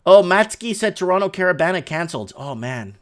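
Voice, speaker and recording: A man hosting a livestream from his home studio, picking up viewer messages as they come in. His voice sits fairly high for a man. He rambles and rants with excitable energy into a desk mic. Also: fairly quick. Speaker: livestream host. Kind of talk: casual livestream talk reading chat.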